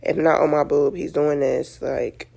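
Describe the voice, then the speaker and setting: A woman's voice: low voice, flat delivery, measured pace, vocal fry, darkish tone. A woman talking candidly to her camera as a new mother, exhausted, with many "like"s and "you know"s. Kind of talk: casual talk to camera.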